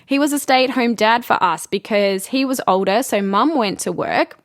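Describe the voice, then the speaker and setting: A woman speaking openly and earnestly in a personal podcast monologue as a spiritual host, with soft laughs and fillers. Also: on the high side, normal speed, no room sound, studio quality.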